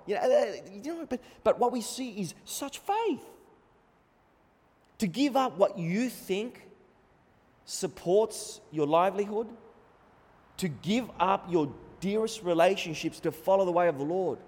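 A man preaching a sermon with great emphasis, going from loud to quiet and acting out the lines he quotes. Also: high-pitched, sing-song, a little slow, long pauses. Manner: emphatic, swings between loud and soft. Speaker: pastor. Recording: long reverb of a large hall.

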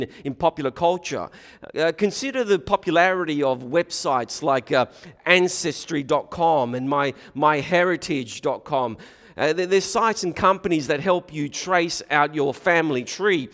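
A man's voice: fairly high pitch, a bit bright, big-room sound. A man preaching a sermon, often restarting his phrases. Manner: hesitant, frequent restarts.

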